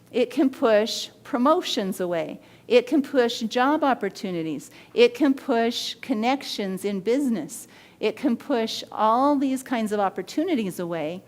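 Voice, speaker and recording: A woman hosting a body language show, teaching in an energetic way and acting out the people in her stories. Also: a little high. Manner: animated storyteller who acts out quoted voices.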